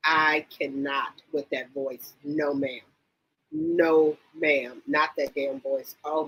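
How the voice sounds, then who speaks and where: A woman chats on a casual livestream, reading viewer comments and reacting to each one. Her voice is bright and a little husky. She exclaims often and repeats her reactions over and over. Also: sits low, poor audio. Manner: animated, exclaims and repeats herself, reads chat comments aloud. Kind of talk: casual reality-TV gossip chat.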